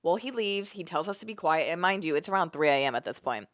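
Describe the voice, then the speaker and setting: A young woman vlogger telling a story in an animated, profane, candid way. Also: lowish voice, fast. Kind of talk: storytime vlog.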